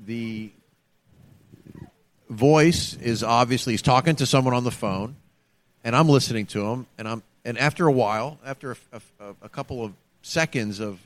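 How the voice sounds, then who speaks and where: A man tells a story in casual conversation, lively and animated, jumping into the voices of the people he quotes. His pitch swings a lot as he acts out each part.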